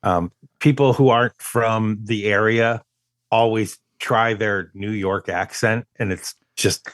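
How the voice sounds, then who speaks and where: A man's voice: lowish voice, steady tone, slow pace, a bit bright, no room sound, studio quality. A man co-hosting a movie podcast, talking casually with lots of stammering restarts as he picks apart a film. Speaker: podcast co-host. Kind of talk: casual movie review chat.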